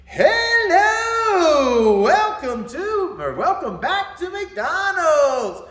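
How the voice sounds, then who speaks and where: A man voicing an overjoyed young male drive-thru greeter who talks in a booming, drawn-out, over-the-top cheerful way. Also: big pitch swings, a bit bright, full character voice. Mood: ecstatic. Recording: echoey room.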